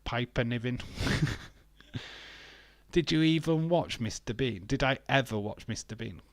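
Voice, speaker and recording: A man's voice: medium pitch, measured pace, no echo. Chatty British man, dry close sound. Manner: chatty, laughs often, sings and jokes to himself. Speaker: wrestling watch-along streamer. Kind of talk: casual live commentary, chatting with viewers.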